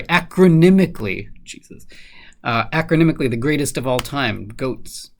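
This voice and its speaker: Male crossword solver, gravelly voice, mid pitch, casual think-aloud with frequent fillers.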